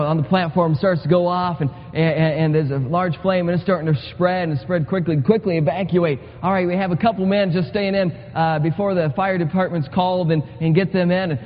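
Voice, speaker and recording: Earnest preacher in a reverberant hall. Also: male voice, sits high. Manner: earnest, repetitive, builds to urgent emphasis. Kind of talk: sermon. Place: church sanctuary. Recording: muffled sound with long hall reverb.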